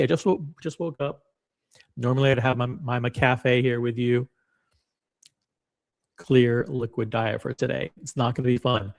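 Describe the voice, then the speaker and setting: A man's voice: mid-range voice, a little mellow. Dry, sarcastic male livestream host. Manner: dry, sarcastic, rambling asides. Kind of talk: live commentary reading chat.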